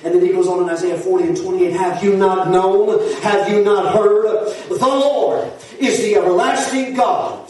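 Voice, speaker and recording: Pastor, high voice, preaching a fiery sermon, recorded from afar in a very echoey church. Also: male voice, fairly even intonation, normal speed, hardly any pauses. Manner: fiery preaching, rising to shouts, Southern-style folksy asides. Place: church sanctuary. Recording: echoey hall from far off.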